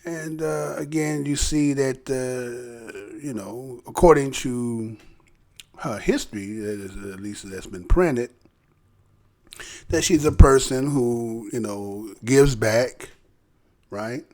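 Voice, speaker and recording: A man's voice: medium pitch, takes it slowly, darkish tone. A man hosting his own commentary channel, talking loosely with many fillers and tag questions. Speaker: channel host. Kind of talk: casual news commentary.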